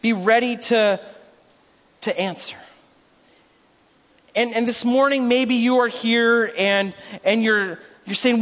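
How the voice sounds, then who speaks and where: A male pastor with a very high, bright voice delivers a sermon in a church hall. He rambles and pokes fun at himself, then builds to rousing, shouted calls. A long reverb trails each phrase. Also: steady tone, slow, long pauses. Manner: rambling, self-deprecating, rises to rousing shouts.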